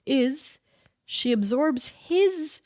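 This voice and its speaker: Co-host: stuffy-nosed woman, lively storyteller, laughs a lot, casual. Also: sits high, extremely slow. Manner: animated storytelling, laughs often. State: stuffy nasal. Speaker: podcast co-host. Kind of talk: casual chat.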